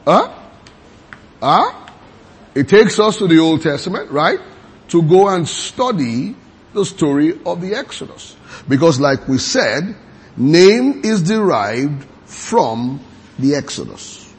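A man preaching a sermon, reading scripture aloud slowly and quizzing his congregation with repeated questions. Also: on the high side, very animated, breathy edge.

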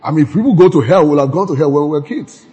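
A man preaching a sermon in an animated way, now and then shouting out quoted lines. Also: on the high side, very fast, husky. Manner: animated, acts out quoted voices with sudden shouts. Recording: long hall reverb.

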